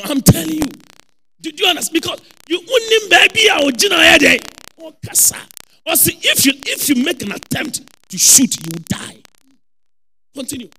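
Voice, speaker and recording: A man preaching a lively sermon with a Ghanaian accent, repeating phrases and shouting for emphasis. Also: very high voice, gravelly, a little hiss or hum, poor audio.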